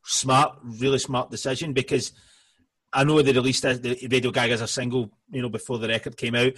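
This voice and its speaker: A man weighs in on a music podcast with blunt, sweary takes, his voice husky and a little rough. The recording is dry and close, with no room to it. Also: mid-range voice, a little fast, no room sound. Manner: animated, blunt, sweary opinions. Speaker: podcast co-host. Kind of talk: casual music podcast chat.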